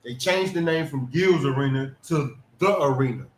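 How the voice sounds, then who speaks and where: A man co-hosting, giving relaxed casual commentary and chiming in. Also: mid-range voice, moderate pace. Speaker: co-host. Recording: echoey room, faint noise.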